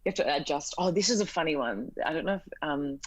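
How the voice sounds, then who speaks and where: Low-voiced chatty Australian woman. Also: expressive, fast, dry recording. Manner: chatty, lots of fillers, acts out quoted exchanges. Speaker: podcast guest. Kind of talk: casual chat.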